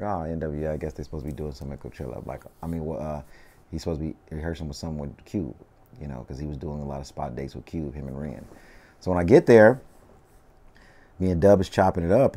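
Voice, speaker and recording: Super deep southern california dude, mellow dark voice, laid back slangy storytelling, lots of you know what i mean. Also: male voice, slightly rough. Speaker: interview guest, rapper. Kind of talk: casual storytelling interview.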